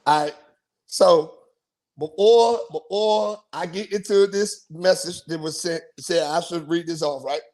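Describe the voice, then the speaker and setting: A man hosting a podcast in casual chat, animated, laughing often and repeating his phrases. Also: on the high side, a little slow. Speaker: podcast host.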